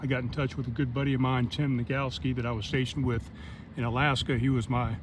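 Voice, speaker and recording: Brief: middle-aged man, casual rambling vlog chat, earbud mic outdoors with clear traffic noise behind. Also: mid-range voice, quick pace. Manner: relaxed, rambling, friendly. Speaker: vlogger. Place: outdoors on a walking trail at sunset.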